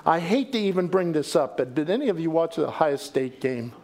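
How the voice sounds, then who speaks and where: A middle-aged man preaching a sermon as pastor, animated and folksy, with joking asides and repeated phrases. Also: on the high side, fairly quick.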